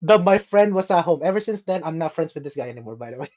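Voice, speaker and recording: A young man casually telling a story on a podcast, animated, swearing and laughing often. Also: a little high, fast talker. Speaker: podcast co-host.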